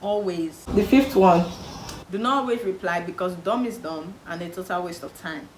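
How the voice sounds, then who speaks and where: A woman's voice: on the low side, moderate pace. A young Nigerian woman with a Nigerian accent, giving casual advice to camera and acting out what relatives say with emphatic repetition. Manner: animated, acts out quoted relatives, emphatic repetition. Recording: echoey room with faint background noise.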